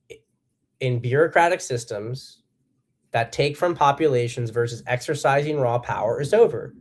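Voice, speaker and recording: A man's voice: mid-range voice, darkish tone. Blunt, profane male commentator. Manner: blunt and profane, with emphatic bursts; acts out quotes in a harsh voice. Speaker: political commentary host. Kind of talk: solo political commentary.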